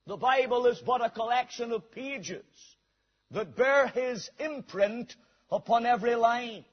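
Reading scripture aloud before moving into a story, a preacher addresses his listeners in a very high-pitched, husky voice at a slightly slow pace. The recording is dull, made in a hall with long reverb.

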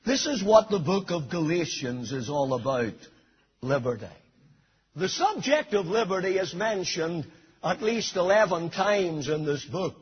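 A male preacher gives a sermon in a high, husky voice. He speaks slowly and deliberately, repeating phrases for emphasis. The recording sounds dull and lo-fi. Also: sing-song.

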